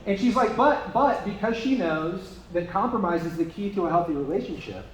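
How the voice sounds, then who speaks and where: A young man with a high voice works through a crude stand-up set, tossing in deadpan asides between his um and uh fillers. His voice carries the ring of an echoey live room at a brewery comedy night. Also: brisk, slight background noise.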